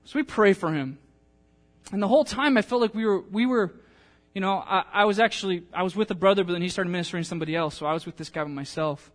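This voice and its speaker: A man's voice: high voice, fast talker. A male pastor preaching a sermon, telling a personal story in a chatty, emotional way with many fillers, then reading scripture aloud.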